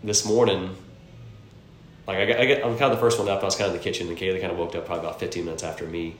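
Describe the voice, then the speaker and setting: A man's voice: little pitch movement, racing. A man co-hosting a casual podcast, telling a rambling family story with lots of filler words and a cold. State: congested from a cold. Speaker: podcast co-host. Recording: echoey room, faint rumble.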